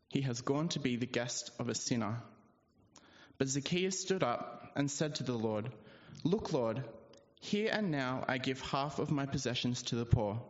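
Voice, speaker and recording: Long church reverb and a dull sound surround a man reading aloud from the Bible. He has a mid-range voice and keeps a steady, measured delivery.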